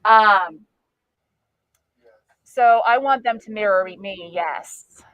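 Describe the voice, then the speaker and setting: A woman's voice: mid-range voice, extremely slow, fairly bright tone, dull audio. A woman giving a live training talk to a group in a room, conversational and often searching for words mid-sentence. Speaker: de-escalation trainer.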